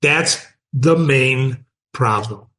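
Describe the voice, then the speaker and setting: A man's voice: medium pitch, very slow. A man hosting a show, reading a novel aloud and often stopping to explain passages to his listeners. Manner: animated, breaks off the text to explain it.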